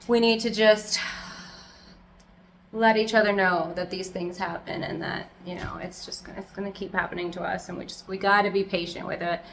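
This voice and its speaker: A young woman talks her way through her houseplant collection at home, loud and casual, often poking fun at herself. Her voice sits at an everyday middle pitch, and a faint background hiss runs underneath. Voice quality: loud, yelling from audio trouble. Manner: chatty, self-deprecating, rambling. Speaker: plant collector vlogger. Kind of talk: casual plant tour chat.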